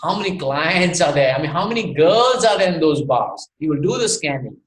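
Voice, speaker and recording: A man's voice: on the high side, animated, a little fast. A man from India teaching an online sales workshop, asking many rhetorical questions and laughing often. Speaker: sales trainer. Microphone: online call mic. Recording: echoey room with faint noise.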